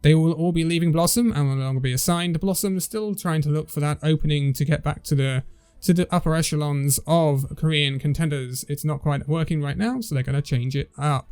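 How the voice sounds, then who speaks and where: Chatty man with a higher voice. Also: fairly quick, a little mellow, clean tone. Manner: stumbles over player names, chatty asides. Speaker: esports news host. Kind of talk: casual news roundup.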